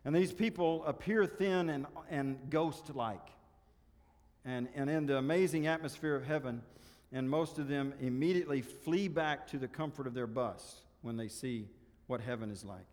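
A man preaching a sermon, earnest and exhorting, often dropping softer to drive a point home. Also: medium pitch, normal speed, big-room sound. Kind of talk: sermon with story reading.

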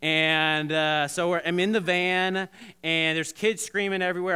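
Bright-voiced, animated man preaching. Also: high voice, unhurried, clean tone. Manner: animated, repetitive restarts, addresses congregation directly. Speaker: pastor. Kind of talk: sermon.

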